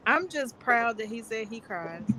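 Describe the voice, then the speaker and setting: A woman's voice: a little high, very animated, unhurried. Female co-host, dry and wry, on a noisy call line. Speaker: podcast co-host. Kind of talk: casual group podcast chat.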